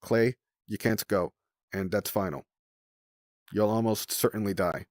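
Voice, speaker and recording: A man voicing a fierce, protective female sea dragonet in a storybook, with an urgent, forceful delivery. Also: fairly low pitch, steady tone, a little slow, no room sound, studio quality, close to an everyday voice. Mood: stern.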